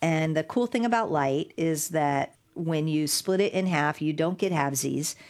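A middle-aged woman, a digital rights lawyer appearing as a guest in an interview, tells a story animatedly, acting out the quotes and laughing. Her voice is deep and her pace normal.

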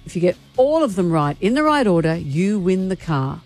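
A woman co-hosting a radio show, running a contest with bright, laughing, teasing banter. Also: fairly low pitch, big pitch swings, moderate pace, faint music behind. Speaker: radio co-host.

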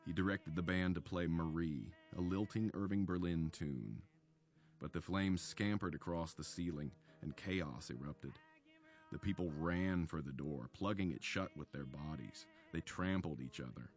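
A man with a very low voice narrates a radio segment as its author, in the measured style of a documentary narrator. His storytelling is deliberate, with soft music playing underneath.

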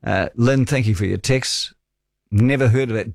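A New Zealand man in his forties hosts talkback radio, talking in a relaxed, chatty way and spinning wry stories for his listeners. His voice sits at an ordinary middle pitch. It is recorded close and dry on a studio microphone, with no room sound. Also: moderate pace, gravelly, no room sound.

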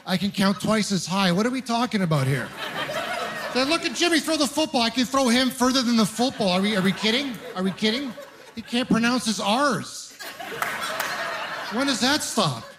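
A young man from Ontario doing a stand-up comedy set, telling stories deadpan with bursts of mock outrage. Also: extremely high pitch, normal speed. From Ontario, Canada. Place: comedy club stage with audience laughing.

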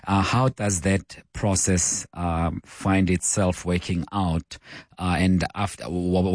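A man's voice: sits low, darkish tone, no room sound. A man hosting a live radio talk show, speaking with many fillers and restarts.

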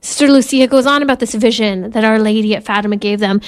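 Earnest woman, slightly high voice. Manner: earnest, measured, with soft laughs. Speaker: Catholic speaker and mother. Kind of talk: reflective spiritual talk.

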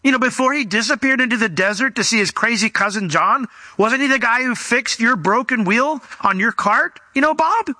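A man voicing an incredulous hometown villager in an exaggerated, high sing-song way. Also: expressive, normal speed, hardly any pauses, sharp tone, no room sound, full character voice. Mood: mocking.

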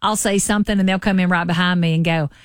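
A woman's voice: on the low side, fairly even intonation, fast talker, no room sound, studio quality. A woman from rural Alabama with a strong Southern accent, co-hosting a radio show in casual, laughing banter with a country twang. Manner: warm-humored, country twang, laughing easily. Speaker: radio co-host. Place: radio studio.

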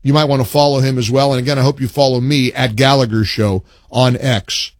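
A man's voice: medium pitch, fairly even intonation, dry recording. A man hosting a talk radio show, speaking emphatically with punchy stress and chatting with callers. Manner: emphatic, reads a post aloud with slow punchy stress.

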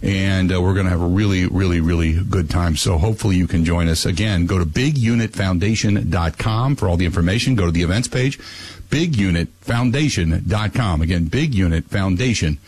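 A man's voice: low voice, brisk, a little mellow, slightly rough, poor audio. A man hosting a sports talk radio show, ranting with emphatic repetition.

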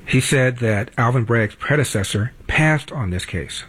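A man's voice: medium pitch, lively intonation, measured pace, a bit bright, slightly rough. An older man hosting a political talk radio show, delivering a wry, combative monologue that builds to emphatic peaks.

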